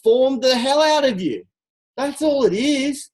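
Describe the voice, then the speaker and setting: A coach speaking to a team on a call. The delivery is energetic and direct, built on rhetorical questions that push listeners to act. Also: high voice, a little slow, poor audio. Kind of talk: motivational talk on a group call.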